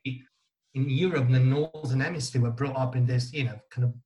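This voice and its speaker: A man's voice: medium pitch, steady tone, brisk, dark tone. A man from Italy, a guest in a casual podcast chat, speaking in short phrases with many "you know" fillers. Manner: talks in short restarting bursts with many fillers.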